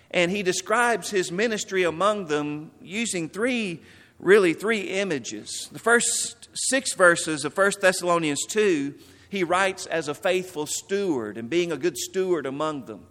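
A man's voice: on the high side, fairly bright tone. Preaching man in a reverberant hall. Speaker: pastor. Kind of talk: sermon.

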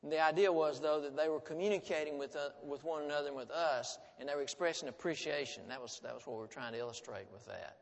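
Middle-aged male teacher, slightly high voice, folksy talk to a crowd, long hall reverb. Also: fast, creaky, few pauses. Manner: folksy, asks the audience rhetorical questions. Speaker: family studies teacher speaking to an audience. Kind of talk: conversational lecture to a live audience.

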